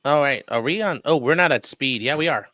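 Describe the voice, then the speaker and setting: Bright, chatty male streamer. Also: mid-range voice, animated, a little fast. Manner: loose, profane, chatty. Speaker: defense attorney reacting to trial stream. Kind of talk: casual live-stream commentary.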